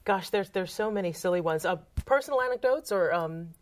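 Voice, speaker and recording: This is a brisk, lowish female voice belonging to a Trinidadian photographer and author. Chatting casually in an interview, she tells lively anecdotes and acts out whatever dialogue she quotes.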